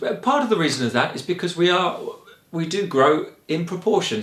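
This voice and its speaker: A man from England with a Kent accent, a choir director explaining singing in a relaxed, rambling way with frequent ums. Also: medium pitch, roomy sound. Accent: Kent English. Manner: chatty and rambling, with frequent ums and light laughs. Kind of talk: relaxed spoken lesson.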